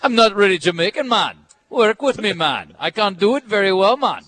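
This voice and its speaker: A man putting on a clumsy fake Jamaican accent that drifts toward Scottish, high-pitched and drawling, ending lines with "man". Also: big pitch swings, normal speed, pushed and bright, full character voice. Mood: playful. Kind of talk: comic radio banter.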